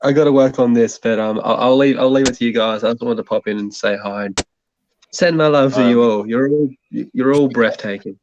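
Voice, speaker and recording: A man's voice: medium pitch, a little fast, highs cut off. Hesitant man saying goodbye. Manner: warm, hesitant with fillers. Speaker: guest dropping into a stream. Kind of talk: casual chat.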